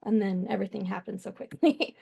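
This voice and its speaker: A woman's voice: medium pitch, brisk, gravelly, warm tone, slightly rough. A young woman, the client of a spirit medium, speaking chattily and emotionally. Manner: chatty, emotional, laughs often.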